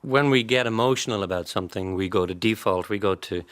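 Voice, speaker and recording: A middle-aged Irish man, a voice and acting coach, answering radio interview questions in a measured, hesitant way with many restarts. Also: on the low side, a bit bright, no room sound. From Ireland.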